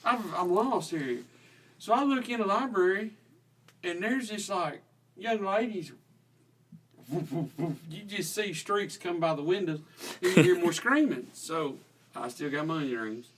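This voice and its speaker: A man's voice: sits high, lively intonation, moderate pace, fairly bright tone, distant mic. A young man, a guest telling a story in a folksy, self-deprecating way. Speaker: teacher guest. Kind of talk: casual storytelling.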